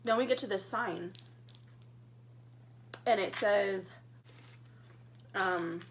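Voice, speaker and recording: A young woman tells a rambling story to her camera between bites, chatty and animated. Her voice has a gravelly fry running through it, and a faint hum sits under the recording. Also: medium pitch, drawn-out words. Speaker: vlogger. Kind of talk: casual mukbang storytime.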